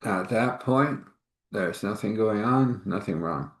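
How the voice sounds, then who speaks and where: A man's voice: on the low side, slow pace. A man telling a faith-based everyday story in a rambling, homespun way with many fillers. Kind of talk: informal spoken storytelling. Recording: echoey room.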